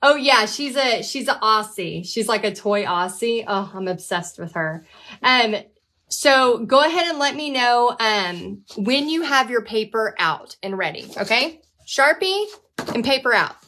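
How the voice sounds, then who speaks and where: A woman's voice: animated, a little slow, bright, forceful tone. A woman, hosting a live painting class from her home art studio in a chatty, upbeat way. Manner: chatty, upbeat, talks to her dog in a high baby voice. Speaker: painting instructor and host. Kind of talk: casual live-stream teaching.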